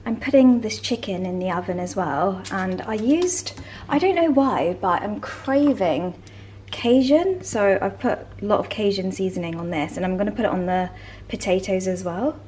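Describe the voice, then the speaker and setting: Give me a chatty woman vlogging at home, mid-pitched, with faint noise behind. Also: animated, normal speed, rough recording. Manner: chatty, rambling, soft-spoken. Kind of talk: casual vlog chat. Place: home interior.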